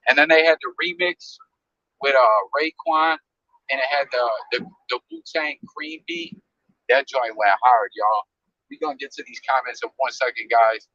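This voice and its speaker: A man hosting a casual live stream from his car on the highway, talking in a laid-back, rambling, slangy way. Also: moderate pace, sharp tone, dry recording, muffled recording. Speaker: livestream host. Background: wind.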